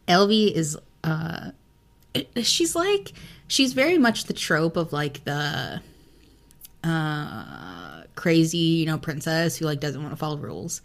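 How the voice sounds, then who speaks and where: Young woman book podcast host, lower voice, laughs a lot, swears a bunch. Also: very animated, slow. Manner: giggly, blunt, swears freely. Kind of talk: casual book chat.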